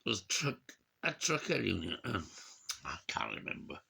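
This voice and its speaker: A tired man talks into the small hours, rambling from one aside to the next and cursing freely. His voice is gravelly with a bright edge, and he speaks slowly while his pitch swoops widely. He stops often to search for the word he wants. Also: huge pitch swings. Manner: rambling, digressive, swears often, slurry tipsy asides; forgetful, searches for words aloud. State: tired, up late and drinking. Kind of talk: rambling late-night monologue.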